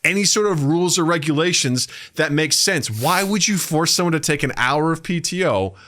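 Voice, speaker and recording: A man's voice: on the high side, animated, fairly quick, fairly bright tone. A man co-hosting a podcast in casual chat, telling stories animatedly, acting out the voices of bosses and workers and swearing freely. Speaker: podcast co-host.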